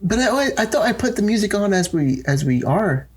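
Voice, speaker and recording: Husky, reactive podcast co-host. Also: medium pitch, sing-song, moderate pace. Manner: reactive, exclamatory. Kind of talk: casual chat.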